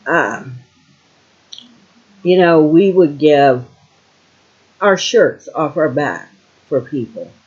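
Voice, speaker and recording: Slow-talking older woman rambling at home. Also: low voice, lively intonation, darkish tone, highs cut off. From Ohio, USA. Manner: meandering, with many fillers and trailing thoughts. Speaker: vlogger. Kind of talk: casual rambling monologue.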